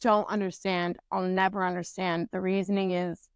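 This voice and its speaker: A young adult woman co-hosting a podcast, telling a story in a casual, profane, animated way. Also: fairly low pitch, normal speed, clean tone, no echo. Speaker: podcast co-host.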